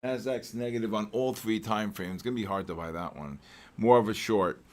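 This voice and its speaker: An older man hosting a live market trading session, mixing chart talk with joking stories and loud exclamations. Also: fairly low pitch, a little fast. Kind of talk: live trading commentary and casual chat.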